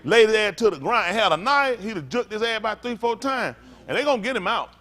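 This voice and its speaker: A man's voice: high voice, expressive, fast talker, sharp tone. A man preaching as a pastor in a blunt, profane, rambling informal sermon.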